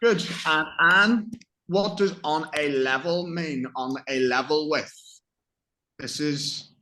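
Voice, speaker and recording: Male teacher, patient and encouraging, bright clear voice. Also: fairly high pitch, slow pace. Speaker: English teacher. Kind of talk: classroom vocabulary review.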